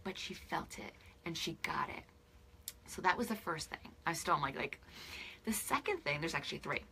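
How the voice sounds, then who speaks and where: A woman in her forties, a spiritual life coach, chatting on camera to her followers, teary and emotional, often dropping into soft whispers. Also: deep voice, lively intonation, normal speed, creaky, a little hiss or hum. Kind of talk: casual direct-to-camera chat with followers.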